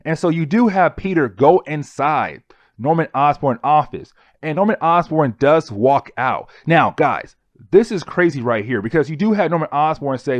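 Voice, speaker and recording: A man with a slightly high voice chats through a comic book plot for his viewers, calling them guys and loosely paraphrasing what each character says. The recording is dry and a little dull, like a home microphone. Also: animated, moderate pace, no echo. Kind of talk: casual retelling of a comic story.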